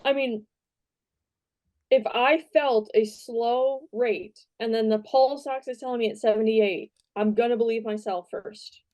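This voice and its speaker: Hesitant woman with a mellow voice. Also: fairly high pitch, fairly even intonation, unhurried, no room sound. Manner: hesitant, thinking aloud. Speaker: podcast co-host, flight nurse. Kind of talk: casual chat.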